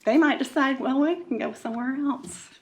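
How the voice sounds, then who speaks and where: A woman from Florida giving an emotional public comment at a meeting, halting, with many fillers and nervous laughs. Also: sits high, gravelly, a little hiss or hum. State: emotional, upset.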